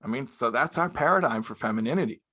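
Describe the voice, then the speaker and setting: A man's voice: medium pitch, expressive, fast, pushed and bright, breathy edge. A man, a rabbi, giving a sermon-style talk to young married men, emphatic and repeating his key phrases, with Hebrew and Yiddish terms mixed in. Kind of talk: spoken sermon-style lecture.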